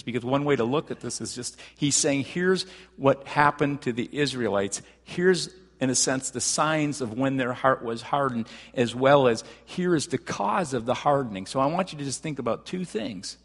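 A pastor with a medium-pitched voice preaches a sermon in a large hall, speaking conversationally with frequent restarts and rising to animated emphasis.

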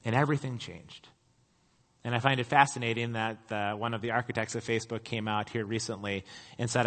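A man's voice: medium pitch, fairly even intonation, a little fast, fairly bright tone. A middle-aged man preaching a sermon, telling stories in a casual, conversational way with self-deprecating humor. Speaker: pastor. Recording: long hall reverb.

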